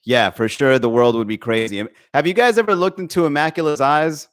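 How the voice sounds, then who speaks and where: This comedy podcast host speaks briskly in a voice a little on the high side. He chats casually with his livestream, rambling, swearing without restraint and laughing frequently.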